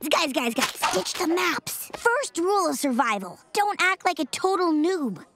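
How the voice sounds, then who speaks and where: A woman's voice: extremely high pitch, very animated, measured pace, background noise, heavily acted. A woman voicing a brash, know-it-all young boy in a cartoon. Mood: bossy. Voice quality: bossy, brash.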